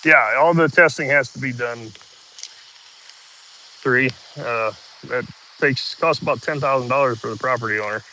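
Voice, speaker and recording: A man, chatting casually outdoors while hosting a live stream, easygoing and relaxed. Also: mid-range voice, moderate pace, long pauses, slight background noise, poor audio. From Iowa, US. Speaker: livestream host. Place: outdoors at a rural property.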